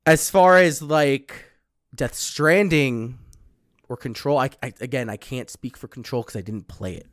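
A man's voice: medium pitch, measured pace, no echo, studio quality. Blunt, swearing young man. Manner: blunt, swears casually, reads lists aloud. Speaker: podcast co-host. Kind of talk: casual chat.

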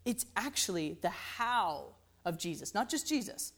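Speaking at a measured pace in a sing-song, mid-range voice, a woman who teaches music explains the workings of a hymn's melody. She talks conversationally, regularly checking in with "right?" and musing "interesting."

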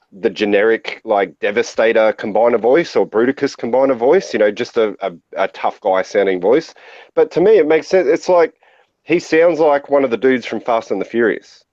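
A man's voice: medium pitch, moderate pace, a little mellow, dry recording, lo-fi sound. Opinionated man, rambling chat. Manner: opinionated, rambling, frequent fillers. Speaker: podcast co-host. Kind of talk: casual chat.

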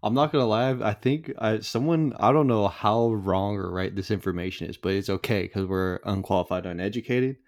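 Low-voiced relaxed young man, dry mic. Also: a little fast, hardly any pauses, no room sound. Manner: relaxed, slangy. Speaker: podcast co-host. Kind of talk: casual chat.

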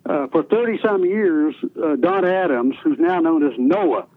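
A man's voice: a little high, measured pace. An older man telling rambling, folksy stories about his radio career in an interview. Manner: folksy, rambling, many restarts. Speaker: retired radio DJ guest. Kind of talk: storytelling interview. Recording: tinny phone-line radio audio.

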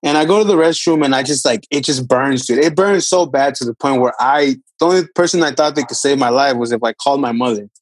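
A man's voice: medium pitch, fast, few pauses, no room sound, poor audio. A young man co-hosting a podcast, telling stories in casual chat with lots of fillers and acted-out quotes. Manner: rambling, filler-heavy storytelling with acted-out quotes. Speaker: podcast co-host.

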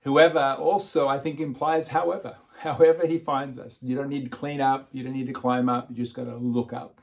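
A man's voice: mid-range voice, fairly even intonation, brisk, vocal fry. A man preaching an Easter sermon. He chuckles often and repeats words as he starts his phrases. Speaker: pastor.

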